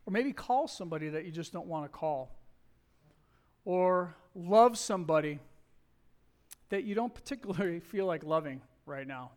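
A man's voice: a little high, lively intonation, normal speed, pauses often, a little mellow. A middle-aged man preaching a sermon, telling a personal story in a conversational way and acting out the quoted dialogue.

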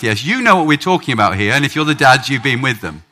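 A man preaching a sermon in church, animated, acting out prayers with big swings in pitch and loudness. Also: quick pace, hardly any pauses.

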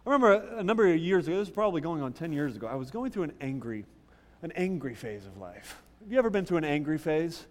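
A man preaching a sermon, conversational and animated, telling stories and teasing the congregation. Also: on the high side, fast, big-room sound. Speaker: pastor. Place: church sanctuary.

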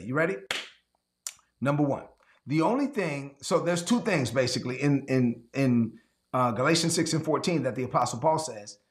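With a mid-range voice, a male pastor preaches online. He repeats key phrases, invites answers in the chat, and occasionally performs the voices he quotes.

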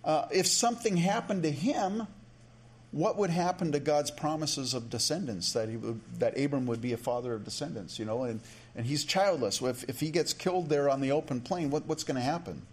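A male pastor preaching a sermon in a relaxed, conversational way, with frequent restarts and asides. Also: fairly high pitch, a little fast.

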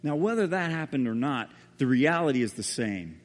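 A man preaching a sermon as a pastor, telling the story dramatically and often dropping to a hushed voice. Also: medium pitch, big pitch swings, normal speed. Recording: reverberant hall.

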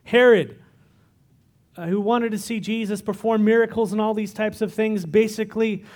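A man's voice: high-pitched, fairly even intonation, moderate pace, a little mellow. A man preaching through a Bible passage in a conversational way, explaining the text with asides and filler words. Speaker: pastor. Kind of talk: expository sermon.

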